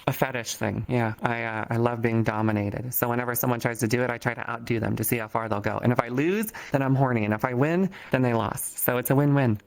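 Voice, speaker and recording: A man as an interview guest in a casual chat, joking crudely in a deadpan way. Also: medium pitch, fast talker, gravelly, few pauses.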